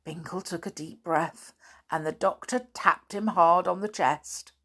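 A woman narrating a children's storybook gently and without hurry. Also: on the low side, a little slow, breathy edge.

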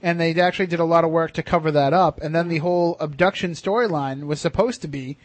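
Man, radio host, quick chatty delivery, slightly high voice, dry close sound. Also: dry recording. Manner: quick, chatty, rambling with restarts. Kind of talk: casual radio chat.

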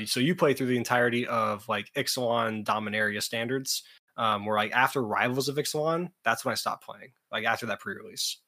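A man hosting a casual podcast chat, animated and swearing freely. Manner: animated, acts out cartoon quotes in loud high voices. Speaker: podcast host.

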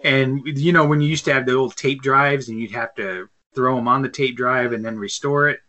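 A man's voice: mid-range voice, fairly even intonation, moderate pace, pushed and bright, lo-fi sound. A man in his thirties co-hosting a casual podcast chat, telling long rambling stories with lots of fillers and restarts. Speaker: podcast co-host. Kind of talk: casual chat over beer.

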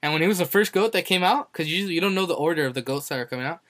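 On a dry, studio-quality recording, a young podcast co-host races through a rambling story in casual chat. His fairly bright voice has lively intonation, and he acts out quotes with abrupt leaps up in pitch.

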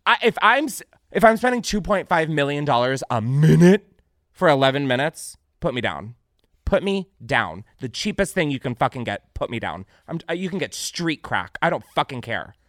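A man's voice: fairly high pitch, normal speed, no echo, studio quality. A young man hosting a podcast, riffing on news stories in casual, sarcastic comedic chat, swearing freely. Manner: animated, sarcastic, swears freely, breaks into laughter. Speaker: podcast host.

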